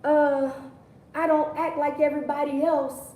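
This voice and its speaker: A woman preacher voicing a calm, unbothered Jesus who talks in a laid-back, casual way. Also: high voice, a little slow. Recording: echoey room, distant mic.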